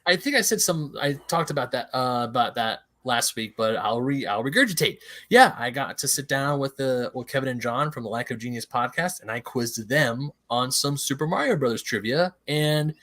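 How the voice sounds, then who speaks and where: A man's voice: mid-range voice, a bit bright. A man co-hosting a casual podcast chat, rambling and correcting his own slips with a laugh. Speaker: podcast co-host.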